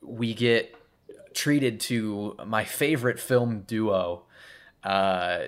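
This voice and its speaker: A man's voice: lowish voice, drawn-out words. A man casually recapping a film on a podcast, rambling and laughing often. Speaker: podcast co-host. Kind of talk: casual movie recap chat.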